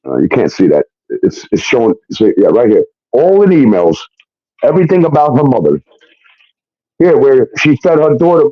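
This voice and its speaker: A man's voice: medium pitch, moderate pace, dry recording. A man telling a long profane story, acting out the voices of the people in it. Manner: animated, acts out quoted voices, swears often. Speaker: show guest telling his story. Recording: dull lo-fi stream audio.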